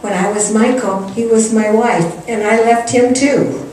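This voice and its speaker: A woman's voice: a little high, fairly even intonation, measured pace, a little mellow, a little hiss or hum. Older female spiritual teacher telling a heartfelt story in a big echoey hall, mic at a distance. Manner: earnest storytelling, acts out quotes. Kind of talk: personal story in a spiritual talk.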